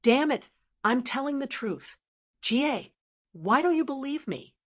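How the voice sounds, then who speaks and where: A woman's voice: on the high side, lively intonation, unhurried, pitched above the performer's own voice. A woman voicing a boastful, cowardly talking female blackbird in an audiobook, whiny and indignant, with squawking cries. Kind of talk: audiobook character voice.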